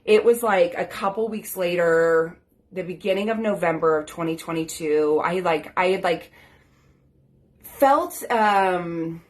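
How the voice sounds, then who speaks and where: A woman's voice: fairly low pitch, measured pace. A woman in her thirties, a life coach, telling her own story in an earnest, grateful, chatty way full of "like" and "um" fillers. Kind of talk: personal storytelling to camera.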